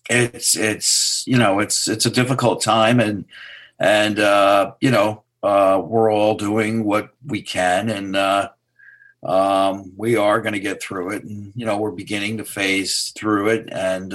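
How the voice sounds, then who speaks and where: A man from New York, a public relations executive, answering interview questions haltingly. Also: on the low side, steady tone, fairly bright tone. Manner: halting, many fillers and restarts. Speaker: PR executive guest.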